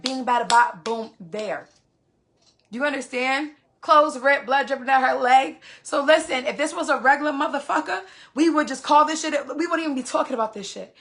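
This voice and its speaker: A woman's voice: on the high side, a bit bright. A woman vlogger venting to her viewers in heated casual talk, cursing freely and repeating phrases for emphasis.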